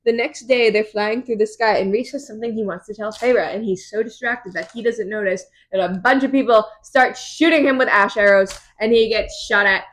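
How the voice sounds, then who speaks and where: A young woman co-hosting a podcast, recapping chapters in an animated, chatty way with lots of fillers. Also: mid-range voice. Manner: animated, quick storytelling with many fillers. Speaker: podcast co-host. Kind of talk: casual book recap chat.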